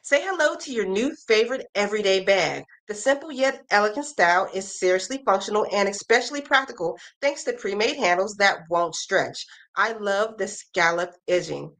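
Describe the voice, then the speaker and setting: A woman with a medium-pitched, slightly bright voice hosts a casual crochet live stream. She chats with viewers, reads their comments aloud and reacts, and runs through pattern blurbs in an upbeat tone.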